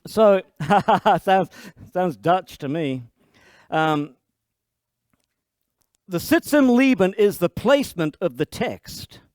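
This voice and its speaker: A man preaching a sermon as pastor, explaining lively and playfully, often restarting his sentences. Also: sits high, takes it slowly, long pauses, no echo, clean studio sound.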